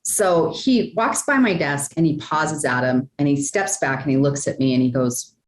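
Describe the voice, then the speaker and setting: A woman guest in a podcast interview, telling a personal story in a lively, chatty way, often tossing in "like" and "right?". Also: low voice, normal speed, reverberant. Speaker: guest, speaker and sales coach.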